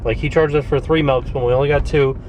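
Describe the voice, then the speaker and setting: A man's voice: mid-range voice, fast talker, highs cut off, slight background noise. A young man from Florida chatting casually to camera as a vlogger, jokey and rambling, going from his car to a grocery store parking lot. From Florida, United States. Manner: rambling, jokey, animated storytelling. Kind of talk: casual vlog chat.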